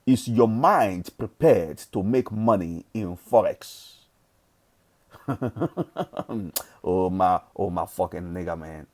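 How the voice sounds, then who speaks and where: Nigerian male vlogger, fairly low warm voice, emphatic motivational preaching, casual swearing. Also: a little slow, hardly any pauses. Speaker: forex trading vlogger. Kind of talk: motivational monologue.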